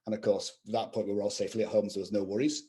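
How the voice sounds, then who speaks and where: A man's voice: on the low side, level tone, very fast, warm tone. A middle-aged man, a guest video game composer, rambling through anecdotes with lots of "you know" fillers in casual chat. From England.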